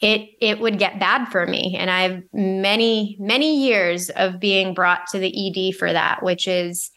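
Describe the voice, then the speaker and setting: A woman co-hosting a podcast, talking in an earnest, reflective way. Her pitch sits in an ordinary middle range, and she laughs easily in casual conversation. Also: steady tone, unhurried, pushed and bright. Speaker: podcast co-host, energy healer, nurse. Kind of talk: casual chat.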